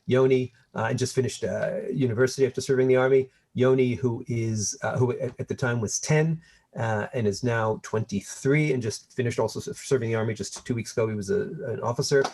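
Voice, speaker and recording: A man in his fifties from Montreal appears over a video call as a guest historian, giving a conversational lecture in an animated, wry storytelling manner. He speaks briskly in a mid-range voice.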